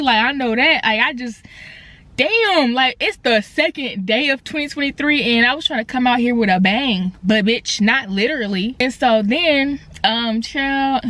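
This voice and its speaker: A young woman talks into her phone camera, pitched a little high, telling a casual storytime rant. She is animated and slangy, with quick asides and sudden swings between loud and quiet. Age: young adult. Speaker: vlogger. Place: indoors, in her car.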